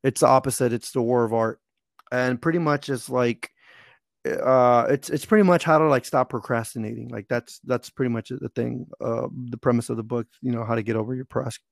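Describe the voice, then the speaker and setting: A man in his twenties hosting a casual chat, telling stories in a relaxed way and laughing easily. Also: medium pitch, fairly quick, vocal fry, no echo, studio quality.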